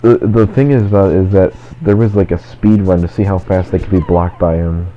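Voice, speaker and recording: Deep-voiced man rambling over game music. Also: fairly even intonation, brisk. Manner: rambling, constant "like" fillers. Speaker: let's play host. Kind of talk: casual gaming chat. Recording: dull lo-fi recording. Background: faint game music.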